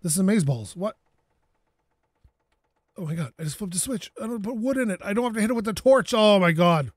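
A man gives casual gameplay commentary from his home setup, close on a desk mic. His voice sits high and swings widely as he gets excited. He laughs easily, curses at the game and talks to things on screen as if they could hear him. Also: fairly quick, no room sound. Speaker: gaming YouTuber.

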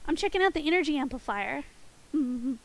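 Giggly high-voiced woman streamer. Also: lively intonation, brisk, poor audio. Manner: playful, giggly, chatty. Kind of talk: casual game stream chat with chat.

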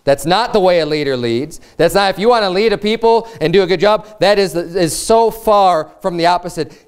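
A pastor preaches a sermon earnestly and emphatically at normal speed with few pauses, repeating key phrases to drive them home. His smooth, resonant voice sits somewhat high for a man, and reading scripture aloud he slips into a formal, old-fashioned cadence.

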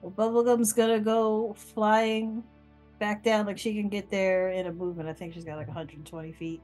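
A woman's voice: medium pitch, flat delivery, normal speed, a little mellow, faint music behind, poor audio. A woman playing in a tabletop game, speaking enthusiastically and assertively. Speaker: player.

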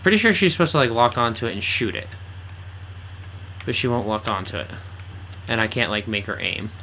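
Man, tense bright voice, sarcastic let's play commentary, faint background noise. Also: lowish voice, lively intonation, fairly quick. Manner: blunt, teasing and sarcastic. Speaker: game co-host.

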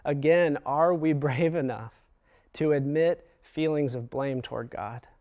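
A man giving a chapel sermon in an earnest, measured way, slowing down for emphasis and pausing often. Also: fairly high pitch, a little mellow. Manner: earnest, measured, with slow dramatic pauses. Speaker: chapel speaker.

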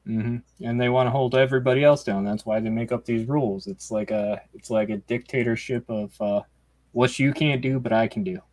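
A man from Michigan chats casually as a podcast co-host, relaxed and agreeable. His voice has an average pitch. The recording is dry and close. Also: brisk, no echo. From Michigan, United States. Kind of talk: casual profane chat.

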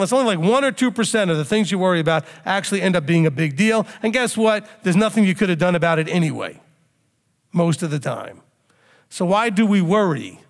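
Male rabbi with a high voice, giving a conversational sermon to a congregation, reverberant hall. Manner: conversational teaching, sometimes acts out panicked outbursts.

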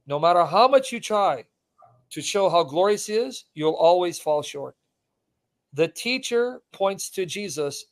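A fervent man preaching live on a stream, with a voice pitched a little high for a man. He hammers points home by repeating them, and he is close to tears as he speaks. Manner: emphatic, repeats lines for stress. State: emotional, voice catching.

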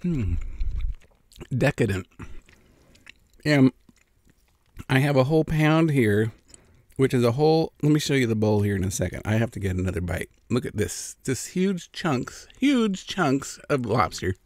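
A man's voice: medium pitch, lively intonation, normal speed, pauses often, darkish tone, no echo. A middle-aged man from California chatting casually as a food vlogger, savoring each bite between remarks. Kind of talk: casual mukbang eating vlog.

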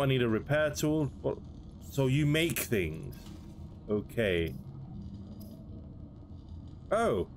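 A man's voice: mid-range voice, darkish tone. A young man giving casual game commentary, chatting, laughing and talking to creatures in the game. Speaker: gaming video host.

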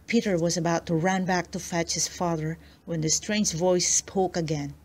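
A woman narrating a children's storybook aloud, slow and expressive. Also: lowish voice. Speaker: storybook reader.

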